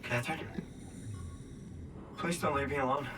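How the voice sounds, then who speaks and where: A man's voice: medium pitch, normal speed, soft background music, natural voice. An actor playing a furious, betrayed young man. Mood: pleading. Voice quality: swearing, raw and shouting. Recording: distant game audio with noise.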